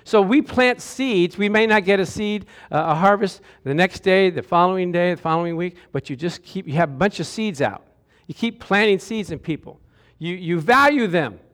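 A man preaching a sermon to a congregation, animated and calling out to them for answers. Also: high voice, normal speed. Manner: animated, calls out to the congregation for responses. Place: church sanctuary with a congregation.

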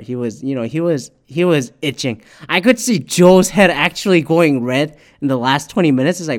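A man giving a casual, profane political rant, with animated delivery and quotes acted out in shifting voices. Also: fairly high pitch, brisk. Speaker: commentator.

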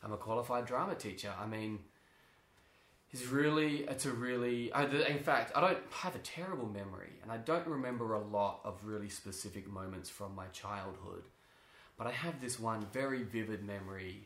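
A man, a drama teacher, chatting as an interview guest. He tells stories in an animated way, laughs often and restarts his sentences. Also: on the low side, moderate pace. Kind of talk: casual interview chat. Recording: roomy echo.

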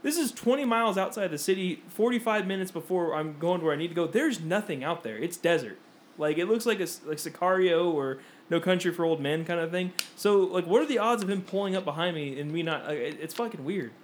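High-voiced young man telling stories. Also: fairly quick, slight background noise. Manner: animated storytelling, acts out quotes. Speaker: podcast co-host. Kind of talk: casual podcast chat.

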